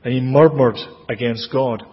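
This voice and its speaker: A man with a Scottish accent preaching a sermon, expressive, with dramatic rises in pitch and volume. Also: moderate pace. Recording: dull, lo-fi with long hall reverb.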